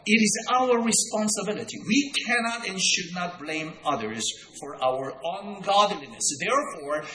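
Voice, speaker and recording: A man preaching a sermon in a deliberate, emphatic way, repeating key words for weight. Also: a little high, sharp tone, a little hiss or hum. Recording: echoey hall with long reverb.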